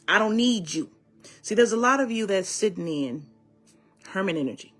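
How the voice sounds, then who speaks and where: A woman's voice: mid-range voice, animated, normal speed, a bit bright, faint music behind. A woman acting as a spiritual guide, delivering a channeled oracle-card message in an emphatic, preachy way and calling her listeners baby and my loves.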